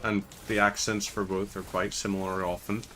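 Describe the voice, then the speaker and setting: A man's voice: on the low side, flat delivery, moderate pace, sharp tone, slight background noise. A man with a Northern Irish accent giving casual, rambling gameplay commentary as a channel host. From Northern Ireland. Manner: chatty, rambling digressions.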